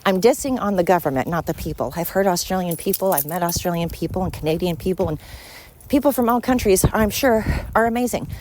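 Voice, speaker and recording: A woman from the United States hosts a solo podcast, talking in a blunt, profane rant. Her voice sits fairly low, with a faint hum of room noise behind her. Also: fast talker, a little mellow. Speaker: podcast host. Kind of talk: opinionated solo podcast monologue.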